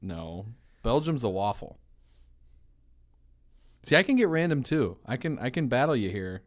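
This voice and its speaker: A man in his forties co-hosting a casual studio chat on a radio show, easygoing and quick to laugh while teasing his co-host. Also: medium pitch, big pitch swings. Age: 40s.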